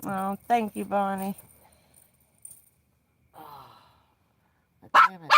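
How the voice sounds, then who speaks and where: A woman live-streaming casual chat from inside her parked van at night, blunt and quick to swear, alternately scolding and soothing her dog. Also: medium pitch, very animated, vocal fry, heavy background noise. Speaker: livestreaming van dweller.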